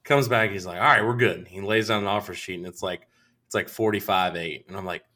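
A young adult man tells a long, profane story to friends. His voice sits low yet rings bright and forceful. He acts out each person in the conversation with animated quoted lines. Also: fast talker. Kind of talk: casual storytelling with quoted dialogue.

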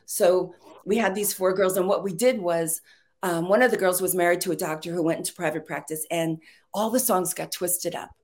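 In a lowish voice, a middle-aged Texan screenwriter and playwright tells stories during a casual guest appearance. She's a lively storyteller who laughs often.

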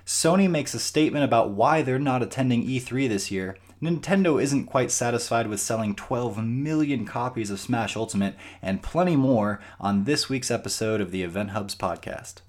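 A man's voice: medium pitch, normal speed, few pauses. Rambling man hosting a gaming podcast. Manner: rambling, animated, restarts often. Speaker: podcast host. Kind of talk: casual podcast chat.

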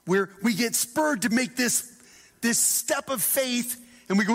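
A high-pitched man preaches with animated, dramatic delivery. He acts out the voices of scripture and sometimes drops to a hush. His voice rings with long reverb through a church hall. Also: normal speed. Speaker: pastor. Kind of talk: sermon.

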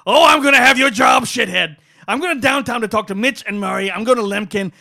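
A man doing an impression of a furious male salesman who yells crude threats. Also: extremely high pitch, a little fast, vocal fry, no room sound, studio quality, voice pushed up, heavily acted. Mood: enraged.

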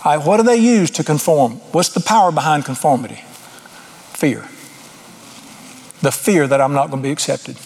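A middle-aged man preaches in a loose, folksy way. His voice sits fairly high and sounds husky. He is blunt, jokes at his own expense, and his voice jumps up when he drives a point home. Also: normal speed, pauses often, a little mellow. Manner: folksy, blunt and self-deprecating, with sudden emphatic rises. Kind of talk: informal sermon.

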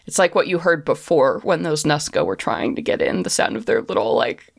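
A woman's voice: deep voice, big pitch swings, fairly quick, vocal fry. A woman narrating a tabletop game as game master, chatty and hesitant, with many fillers.

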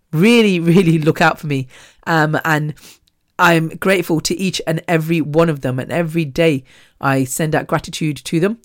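A podcast host rambles through a casual monologue with a chatty, self-deprecating manner. The voice sits at a middle pitch, and the recording is close and dry, with no room around it. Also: no echo.

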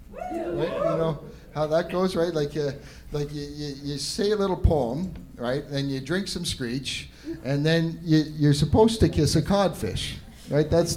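A man's voice: fairly high pitch, darkish tone. A middle-aged Canadian man doing a stand-up set, rambling and self-deprecating, tagging lines with "right?". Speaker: stand-up comedian. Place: live comedy venue with audience laughter.

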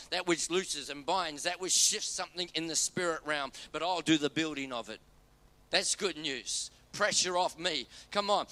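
A man preaching a sermon as pastor, emphatic, repeating key phrases and dropping low and quiet on his main points.

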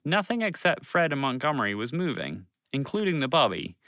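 A man narrating a children's story in an expressive, warm reading voice. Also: medium pitch, fairly quick, no echo.

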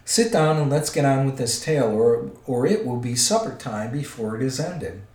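A man voicing a gruff, blunt, impatient big man who growls his words, in a roomy recording. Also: medium pitch, expressive, normal speed, darkish tone, close to an everyday voice. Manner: growling, curt. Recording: roomy echo.

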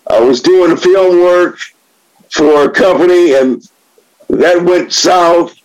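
A middle-aged man with a high voice shares his recovery story in a blunt, profane way. He talks slowly and grows impassioned and preachy. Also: a little mellow, poor audio. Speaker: recovering alcoholic sharing at a meeting. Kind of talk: spoken share.

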